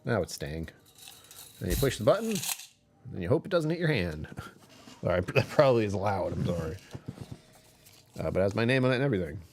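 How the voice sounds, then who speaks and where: Here a live streamer talks fairly quickly but leaves long pauses, with slight noise in the background. On his casual channel stream he rambles, laughs at himself, and chuckles frequently with viewers, his deep voice dipping lower now and then.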